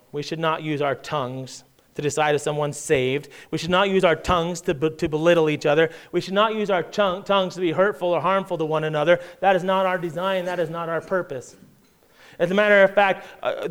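A middle-aged male pastor preaching in a notably high, smooth and resonant voice. He reads scripture aloud and presses his points with rising intensity. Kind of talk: sermon.

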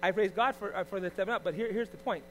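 High-pitched middle-aged pastor preaching, loud bits then soft asides, little mains hum behind. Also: male voice, fast talker. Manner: preachy, swings from loud emphasis to quiet asides. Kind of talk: sermon.

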